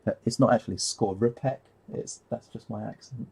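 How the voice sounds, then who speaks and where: A man's voice: fairly low pitch, steady tone, moderate pace, darkish tone, slightly rough. A man rambling casually on a live stream while painting, easily sidetracked and laughing at himself.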